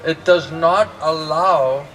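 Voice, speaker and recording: A monk gives a relaxed morning class in a slightly high voice, joking with his listeners as he teaches. He stands some way from the mic, and steady room noise runs under his words. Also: slow pace. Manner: joking, chatty, laughs often. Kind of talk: conversational sermon. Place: temple class in India. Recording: distant mic with noisy ambience.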